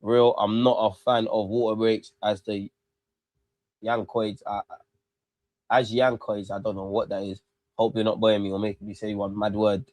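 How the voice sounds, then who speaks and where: A man hosting a live football watch-along, ranting excitably and swearing freely into a close mic. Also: lowish voice, normal speed, no room sound.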